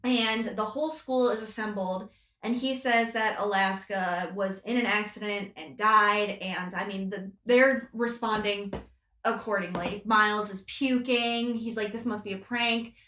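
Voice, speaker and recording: A woman's voice: mid-range voice, a little slow, roomy sound. A woman co-hosting a book podcast, retelling the plot expressively in casual chat. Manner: expressive storyteller, retelling plot with acted quotes. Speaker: podcast co-host.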